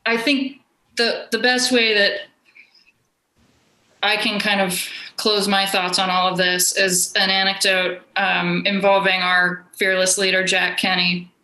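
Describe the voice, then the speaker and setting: Bright, candid woman on a roomy call. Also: medium pitch, little pitch movement. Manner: nervous, candid, quick asides. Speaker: actor on a reunion panel. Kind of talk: casual panel chat. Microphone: video call. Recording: roomy video call audio.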